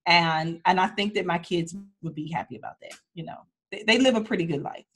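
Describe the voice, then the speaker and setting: A woman with a husky, slightly breathy voice speaks candidly as an interview guest. She tells her personal story in a heartfelt, unpolished way, often restarting sentences as she goes. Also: fairly low pitch, fairly quick, fairly bright tone. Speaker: attorney and entrepreneur, guest. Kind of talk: emotional personal storytelling in a conversation.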